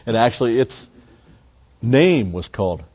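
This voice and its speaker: A man's voice: medium pitch, lively intonation, measured pace, a little mellow, muffled recording. An older man teaching a Bible study lecture in a rambling, conversational way full of asides.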